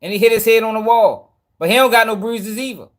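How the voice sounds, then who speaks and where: Skeptical male co-host, emphatic, high-pitched voice. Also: brisk. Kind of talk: casual commentary.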